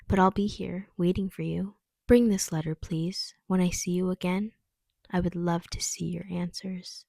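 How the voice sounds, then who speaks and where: A dying lover pours out a gentle, wistful farewell letter, read aloud by a woman. The voice sits low with a gravelly edge and sounds close and dry. The telling stays soft and earnest. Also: no room sound. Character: terminally ill lover writing a tender farewell letter. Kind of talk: reading her own fiction aloud.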